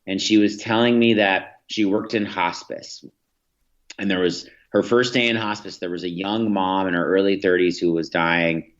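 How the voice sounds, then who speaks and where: A man's voice: low-pitched, lo-fi sound. A man, a podcast guest, telling reflective stories in an interview, with many restarts and fillers. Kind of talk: storytelling in an interview.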